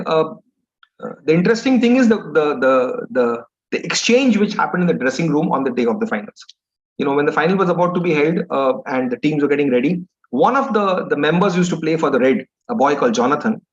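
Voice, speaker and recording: A man with an Indian English accent giving a motivational talk, telling an anecdote in a rambling, conversational way. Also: a little high. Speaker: motivational speaker. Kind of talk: storytelling lecture. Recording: dull lo-fi recording.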